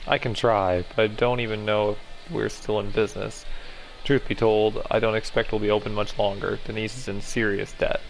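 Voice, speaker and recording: A man's voice: on the low side, level tone, normal speed, gravelly, soft background music, low-quality recording. A man reading the lines of a blunt, worried small-town mother while playing a text game. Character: worried rural mother, middle-aged, blunt.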